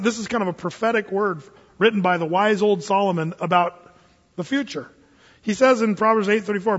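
A man preaching a lively, jokey sermon as pastor, acting out little scenes for his church. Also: sits high, a little fast, slightly rough. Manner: animated, jokey, acts out voices. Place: church hall. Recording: echoey hall, dull lo-fi sound.

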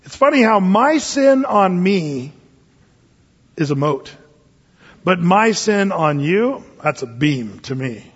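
A man with a fairly high voice gives a relaxed, folksy Bible sermon with joking asides. His words ring out with a long reverb, as if he is in a large hall. The sound is muffled and lo-fi. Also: husky. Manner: folksy, with humorous asides and slow scripture reading. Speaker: pastor. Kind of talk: conversational Bible teaching sermon.

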